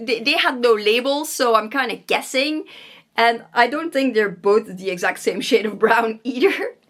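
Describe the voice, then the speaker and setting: This knitting vlogger's voice sits high and a bit bright. She's at home talking casually to a vlogging camera, rambling along with fillers and self-corrections and giggling from time to time.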